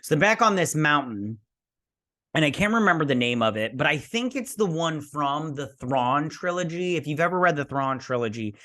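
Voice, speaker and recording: A man's voice: fairly high pitch, lively intonation, normal speed, bright, forceful tone. Rambling male show reviewer. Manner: rambling, loose play-by-play with sound effects. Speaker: host. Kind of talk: casual episode recap and review.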